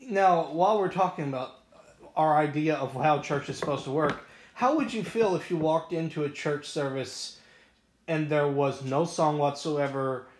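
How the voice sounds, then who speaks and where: A man's voice: a little high, moderate pace. A man hosting a podcast, asking questions and giving preacherly asides in casual church talk. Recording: echoey room.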